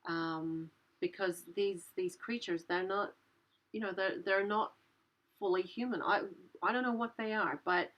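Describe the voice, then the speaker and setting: A woman, telling a story in a casual way, animated and breathless, full of "like" and the odd swear word. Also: mid-range voice, a little slow, muffled recording. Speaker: channel host.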